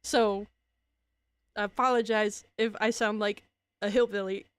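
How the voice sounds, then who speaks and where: A woman's voice: mid-range voice, steady tone, a little slow, a bit bright, smooth, dry recording. A young woman from Louisiana with a Cajun accent, chatting casually as a streamer, rambling, correcting herself and laughing often. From Louisiana, USA. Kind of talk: casual chat.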